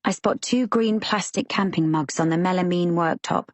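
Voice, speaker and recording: A woman reading a romance novel aloud as a calm, measured first-person narrator. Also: lowish voice, dry recording. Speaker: audiobook narrator.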